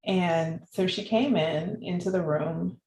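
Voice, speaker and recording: A woman guest in an interview, telling her personal story in an animated way and laughing often. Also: fairly low pitch, takes it slowly. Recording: echoey room with faint background noise.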